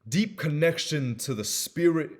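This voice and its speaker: A man talking casually and earnestly as he explains ideas from a book, swinging between emphatic bursts and hushed asides. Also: a little high, expressive, unhurried. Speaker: self-help speaker.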